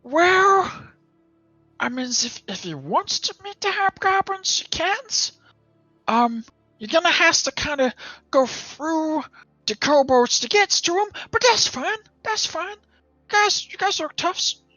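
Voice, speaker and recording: A man's voice: very high voice, sing-song, slow, bright, forceful tone, no echo, faint music behind, voice pushed up, heavily acted. A man voicing a scrappy male goblin who rambles in broken grammar. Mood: evasive.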